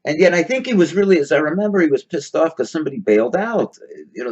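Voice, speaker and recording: A man's voice: fairly high pitch, expressive, fast talker, darkish tone, slightly rough, lo-fi sound. A man hosting a casual commentary, reading out chat comments with sarcastic asides and lots of hesitant fillers. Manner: sarcastic, mutters asides between read-out comments; frequent hesitant fillers and restarts. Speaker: host reading out live-stream chat comments.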